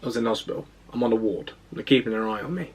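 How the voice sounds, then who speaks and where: A young male fitness vlogger tells a personal story to the camera in a rambling, self-deprecating way. His voice is fairly low and husky, and he talks fast.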